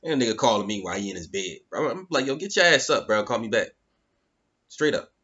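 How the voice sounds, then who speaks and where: A man's voice: medium pitch, animated, quick pace, fairly bright tone, highs cut off. A man giving a casual, mocking commentary rant, repeating phrases and sounding incredulous. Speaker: YouTube commentator.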